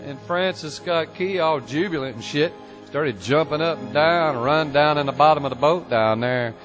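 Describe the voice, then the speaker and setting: A man's voice: on the high side, normal speed, music in the background. A man telling a historical tale as a profane, folksy storyteller, full of swearing and colloquial talk.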